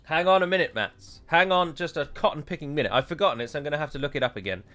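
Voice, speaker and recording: A man's voice: fairly high pitch, animated, rapid-fire, a bit bright, faint music behind. A British man giving chatty live commentary as he plays a strategy game, breaking into mock-heroic pronouncements. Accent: British English. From United Kingdom.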